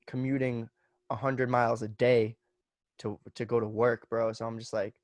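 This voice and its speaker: A man's voice: medium pitch, flat delivery, normal speed, no room sound. A young man in his twenties, a podcast guest telling stories in loose, profane casual chat full of "like" and "bro".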